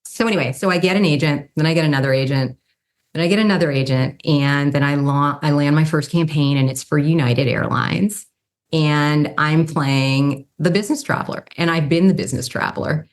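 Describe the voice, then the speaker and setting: A woman in her fifties with a low-pitched voice tells stories in a relaxed, chatty way. She keeps leaping up in pitch to act out the people she quotes. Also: fairly quick. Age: 50s. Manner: animated, acts out quoted people with pitch jumps. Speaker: guest, brand strategy consultant and model. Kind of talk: casual storytelling in an interview.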